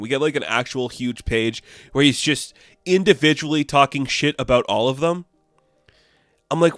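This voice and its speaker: A man with a smooth, clear voice talks through a comic book issue in a loose, opinionated way, leaning on fillers as he goes. He sits at a middle pitch in a dry, close room with no echo. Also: normal speed, fairly bright tone. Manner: opinionated, rambling with frequent fillers. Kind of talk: casual comic review.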